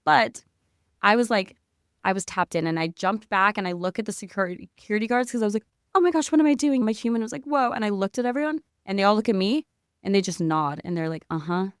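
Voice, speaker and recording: A woman guest on a podcast, telling a story in excitable casual chat with lots of "like" and spiritual talk. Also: mid-range voice, fast talker, smooth, no echo, studio quality.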